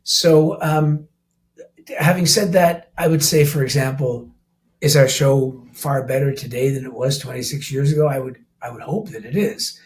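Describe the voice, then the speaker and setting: Steady in tone and moderate in pace, a medium-pitched older Canadian man chats in a casual podcast interview. He fronts a rock band on vocals and keys, and his talk rambles with many restarts and easy laughs.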